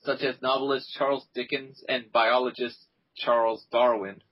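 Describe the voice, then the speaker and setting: A young man co-hosting a casual gaming podcast, playful and jokey, quick to laugh. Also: mid-range voice, level tone, husky. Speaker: podcast co-host. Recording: dull lo-fi recording.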